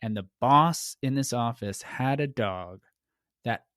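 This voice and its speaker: A man's voice: mid-range voice, takes it slowly, a bit bright, dry recording, clean studio sound. A man hosting a casual podcast, playfully tossing out offbeat questions. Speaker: podcast host. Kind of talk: casual chat.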